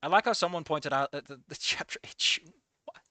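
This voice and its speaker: A young man streaming a game and ranting, excitable and swearing, jumping from loud outbursts to low muttering. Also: fairly quick, no echo. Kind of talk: live reaction commentary.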